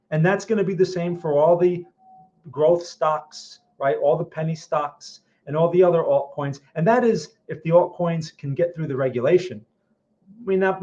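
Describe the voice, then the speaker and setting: A blunt, skeptical man with a slightly high voice gives casual live-stream market commentary, answering viewer questions as a trading channel host. He stumbles and repeats words and keeps asking "right?" and "okay?". The stream audio is a little dull and lo-fi. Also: darkish tone.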